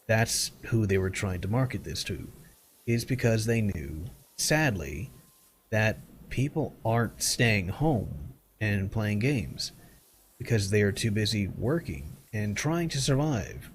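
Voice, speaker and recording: A man's voice: on the low side, very animated, slow pace, a little hiss or hum. A young adult man streaming from home, chatting casually and bluntly while gaming, swearing freely and rambling through his complaints.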